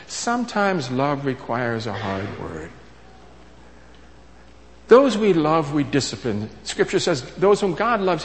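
Emphatic man preaching in a reverberant hall. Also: high voice. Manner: emphatic, repeats key phrases, shifts between loud and soft. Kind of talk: sermon. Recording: long reverb of a large hall.

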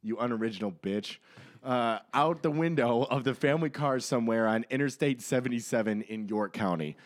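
A man's voice: medium pitch, brisk. A man co-hosting a casual podcast, reading out news stories with sarcastic, crude jokes. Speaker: podcast co-host.

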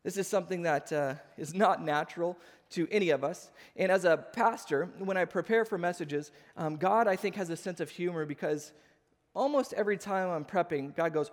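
Pastor in his thirties, high-pitched male voice, sermon full of acted-out anecdotes, echoing sanctuary. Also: moderate pace. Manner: animated storytelling, acts out voices. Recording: long hall reverb.

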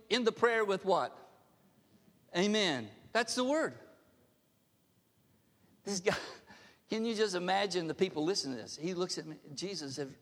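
Man, pastor, sermon, emphatic, asks the room questions, high voice, long church reverb. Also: fairly bright tone. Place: church sanctuary.

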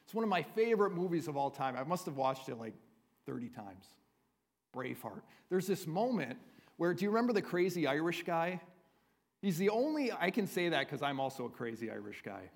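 A man's voice: on the high side, big pitch swings, brisk, creaky. Earnest male preacher in a reverberant hall. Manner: earnest, conversational preaching with frequent tag questions. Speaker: pastor. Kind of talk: sermon. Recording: long reverb of a large hall.

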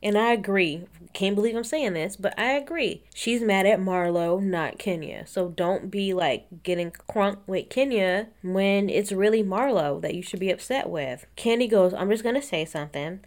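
A woman's voice: mid-range voice, moderate pace, few pauses, a little mellow. Chatty woman recapping reality TV gossip. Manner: chatty, opinionated, quotes the cast in snippy bits, laughs often.

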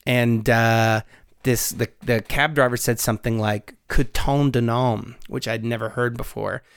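A man's voice: medium pitch, steady tone, a little slow, gravelly, smooth. A man co-hosting a podcast, telling stories in a playful, teasing way. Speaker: podcast co-host. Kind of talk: casual podcast banter.

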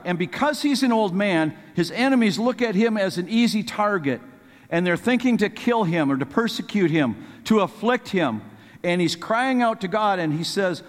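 High-voiced preacher in a reverberant hall. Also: male voice, lively intonation, normal speed. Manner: earnest, rising to fervent pleading when quoting scripture. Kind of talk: sermon.

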